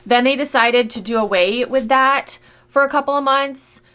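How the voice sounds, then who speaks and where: A woman's voice: high-pitched, moderate pace, pushed and bright, clear, resonant tone. A woman vlogger who resells goods, talking casually and bluntly, swearing freely and sounding exasperated. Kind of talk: casual rant commentary.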